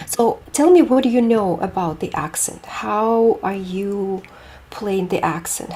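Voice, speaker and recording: A woman's voice: medium pitch, warm tone, slight background noise. A woman teaching a group piano lesson, explaining technique with images and asking students questions.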